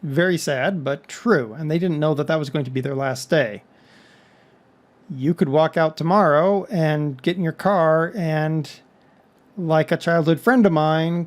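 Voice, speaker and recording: A man from Texas hosts a casual video chat. His voice sits a touch high for a man. He wanders from point to point and breaks in with joking asides. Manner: rambling, conversational, with joking asides. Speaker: vlog host. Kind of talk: casual monologue.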